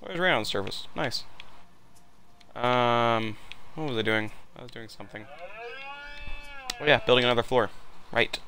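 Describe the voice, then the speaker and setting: A man chats through a game in loose commentary, cracking jokes and swearing in offhand asides. His voice is mid-pitched with a gravelly, fry-laced texture. A faint noise sits behind him. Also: moderate pace, long pauses, pushed and bright. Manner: joking, profane asides. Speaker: gameplay commentator. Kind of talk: casual gameplay commentary.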